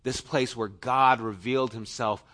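Bright-voiced man preaching a sermon. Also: mid-range voice, steady tone, measured pace. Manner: storytelling with conversational asides.

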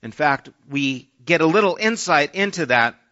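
A man's voice: on the high side, animated, moderate pace, sharp tone. A man preaching a sermon in a conversational way, sometimes acting out the voices in the story he tells. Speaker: pastor. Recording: dull lo-fi sermon audio.

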